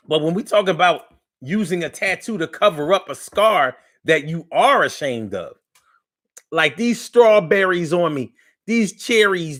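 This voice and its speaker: A man's voice: sits high, fairly bright tone. A man hosting a live online talk show in a casual, playful way, repeating phrases and reading viewer comments aloud.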